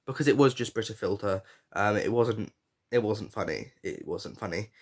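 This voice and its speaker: A man's voice: fairly low pitch, animated, moderate pace. A man chatting casually as a podcast host, frank and given to swearing, with fillers and restarts. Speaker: podcast host reviewing a reality show. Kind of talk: casual review chat.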